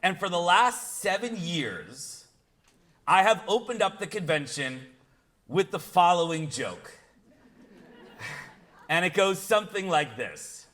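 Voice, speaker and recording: A man opening a dental convention with a comic speech to a live audience, loud and punchy, reeling off jokey lists and laughing often. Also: sits high, sing-song, slow pace, pauses often. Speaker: conference host and keynote speaker. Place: large convention hall.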